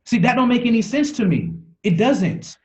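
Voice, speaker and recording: A man's voice: very high voice, big pitch swings, moderate pace, dull audio. A man giving a motivational talk on a call, preachy, repeating phrases for emphasis and restarting words as he goes. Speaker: motivational speaker.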